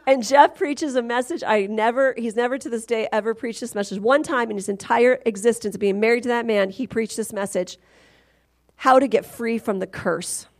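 A middle-aged woman preaching a testimony sermon, telling a story with animated swings in loudness and pitch. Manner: animated storytelling, swings loud and high at climaxes.

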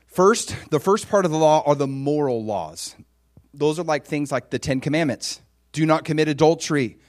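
A man preaching a sermon in a conversational, animated way, swinging from loud exclamations to hushed, near-whispered lines and acting out quoted voices. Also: on the high side, moderate pace. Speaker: pastor.

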